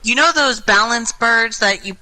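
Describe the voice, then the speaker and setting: A woman's voice: a little high, normal speed, sharp tone, poor audio. A young woman telling a rambling, self-mocking story in casual chat over voice chat while gaming. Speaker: gaming group member.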